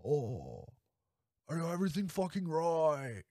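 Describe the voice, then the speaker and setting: A manic, yelling male movie star with a high, strained shout, as a podcast host puts him on. The delivery swings wildly up and down in pitch and stays over the top. The sound is close and dry, with no room echo. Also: very animated, a little slow, full character voice.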